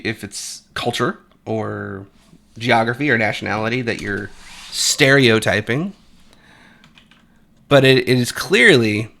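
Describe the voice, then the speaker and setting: Guy ranting on his channel, bright edgy voice, swears, restarts a lot. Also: mid-range voice. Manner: blunt and profane, rambling with restarts. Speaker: commentary channel host. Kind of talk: opinionated casual commentary.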